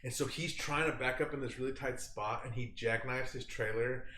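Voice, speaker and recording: A man's voice: medium pitch, moderate pace, bright, forceful tone, a little hiss or hum. Profane storytelling man, echoey room. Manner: profane storytelling with acted-out quotes. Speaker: podcast host. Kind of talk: casual chat.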